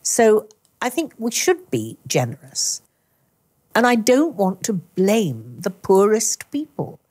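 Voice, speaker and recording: An older woman with a Glasgow Scottish accent, an actress talking in an interview, carefully enunciating and finishing every word with a crisp snap. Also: medium pitch, huge pitch swings, a little mellow. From Britain. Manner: crisp, deliberate enunciation with emphatic word endings. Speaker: actress and author, interview guest. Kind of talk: conversational interview.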